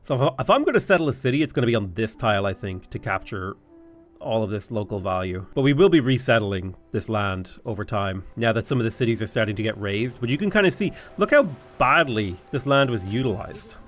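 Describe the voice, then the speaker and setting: A man's voice: on the low side, animated, brisk, faint music behind. A young Irish man giving chatty, enthusiastic let's-play commentary, thinking aloud as he plays a strategy game. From Ireland. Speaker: gaming YouTuber.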